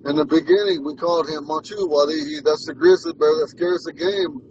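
A man's voice: on the high side, brisk, a little mellow, a little hiss or hum. A man in his forties, a language teacher, telling rambling stories in a casual lesson. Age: 40s. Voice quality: rambling, repeats himself and restarts. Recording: muffled sound from far off the mic.

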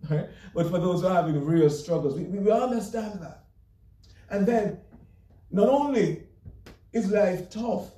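Man, pastor, sermon, emphatic, soft chuckles, distant mic, echoey church. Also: high voice. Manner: earnest, emphatic preaching with light chuckles. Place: church sanctuary.

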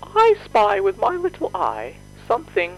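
A woman's voice: medium pitch, wildly swooping pitch, measured pace, soft background music, full character voice, low-quality recording. A woman voicing a cheery, childlike cartoon apple mascot in a video game, overly friendly and sing-song. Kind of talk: video game character dialogue.

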